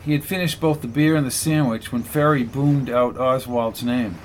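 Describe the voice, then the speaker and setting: A man narrating a novel in a steady, measured reading voice. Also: mid-range voice, slight background noise. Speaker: audiobook narrator. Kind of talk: scripted narration.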